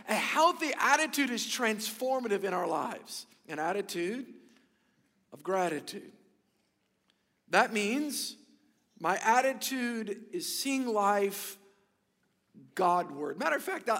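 A male pastor preaches emphatically and repetitively to his congregation in a church sanctuary, stumbling and restarting at times. His voice is high and a bit bright, with a long reverb tail.

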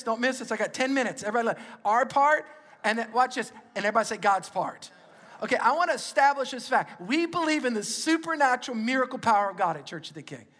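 High-voiced pastor preaching in a hall. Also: male voice. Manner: energetic, emphatic, calls on the congregation to repeat phrases. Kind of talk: sermon. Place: church auditorium. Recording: long reverb in a large hall, with music.

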